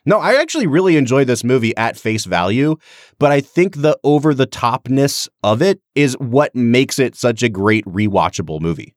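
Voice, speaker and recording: A man's voice: medium pitch, moderate pace, dry recording. Chatty man discussing a movie, dry sound. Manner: animated, talks in long run-on thoughts. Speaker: podcast co-host. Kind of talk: casual film discussion.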